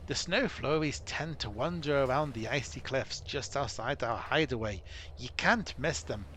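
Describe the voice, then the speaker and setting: A man's voice: mid-range voice, moderate pace, fairly bright tone, slight background noise, close to an everyday voice. A man playing a blunt dwarf commander. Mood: urgent.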